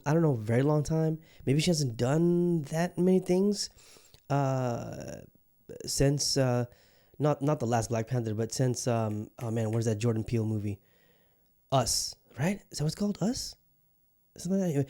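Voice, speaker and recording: Guy podcasting, warm mellow voice, mid pitch, rambly and hyped, lots of ums. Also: moderate pace. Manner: rambling and enthusiastic, many fillers and restarts, swears freely. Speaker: podcast host. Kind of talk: casual solo film review.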